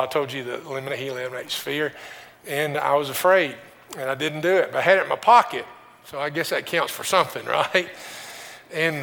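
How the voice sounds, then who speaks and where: A man's voice: medium pitch, gravelly, a bit bright. A man pastor giving a conversational sermon, telling a personal story with restarts and rhetorical questions. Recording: long hall reverb.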